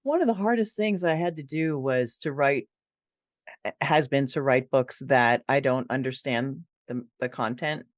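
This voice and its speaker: A woman guest on a podcast, telling animated stories about her writing work and laughing easily. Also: very deep voice, measured pace, no echo, clean studio sound. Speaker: ghostwriter guest. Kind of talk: casual interview chat.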